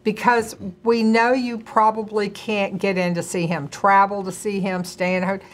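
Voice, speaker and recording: A middle-aged woman co-hosts a conversational health talk. She explains things earnestly and at length. Her pitch is ordinary for a woman. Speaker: co-host, doctor's wife.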